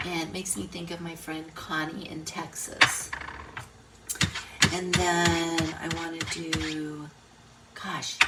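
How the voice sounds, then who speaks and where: A woman's voice: on the low side, unhurried. A middle-aged woman giving a casual crafting tutorial, chatty and thinking aloud as she works. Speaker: card-making instructor. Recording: distant mic, noisy room.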